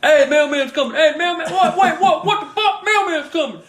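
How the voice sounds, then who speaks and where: A man's voice: very high-pitched, brisk, fairly bright tone, pitched above the performer's own voice. A man voicing an aggressive, mouthy male neighborhood dog that talks crude trash, in a roomy space. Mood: taunting. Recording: roomy echo.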